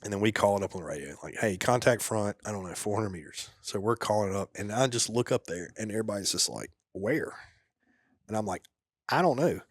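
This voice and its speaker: A man, a former soldier guesting on a podcast, telling a war story in a casual, laid-back way. He drops to a quiet murmur at the grim parts. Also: on the low side, fast talker, no room sound, studio quality.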